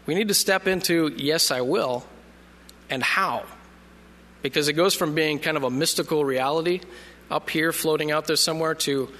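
Bright-voiced man preaching in an echoing hall. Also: a little high, normal speed. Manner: conversational, reads scripture aloud, jokes at stumbling over names. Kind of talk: sermon. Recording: long reverb of a hall.

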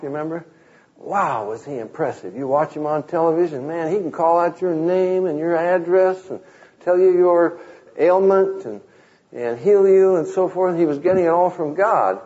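A wry preacher from Southern California, with a fairly high pitch and darkish tone, gives a conversational sermon sprinkled with humorous anecdotes and scripture quotes. The recording is muffled and lo-fi, giving a dull sound.

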